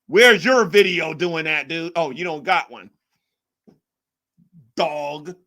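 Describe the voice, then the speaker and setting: A man's voice: fairly high pitch, slow, sharp tone. A man hosting a live stream, mocking and arguing with chat commenters in a casual rant. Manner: mocking, combative, reads chat aloud.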